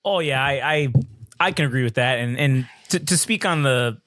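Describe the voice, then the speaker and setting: A young man co-hosting a podcast, telling stories in a profane, animated way and mocking people in put-on voices. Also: medium pitch, normal speed, dry recording, studio quality. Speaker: podcast co-host. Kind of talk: casual chat.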